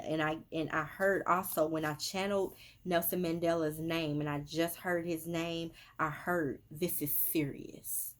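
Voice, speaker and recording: Woman, casual emphatic medium monologue. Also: low voice. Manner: emphatic, repetitive, with many fillers. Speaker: spiritual medium. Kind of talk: casual social media monologue.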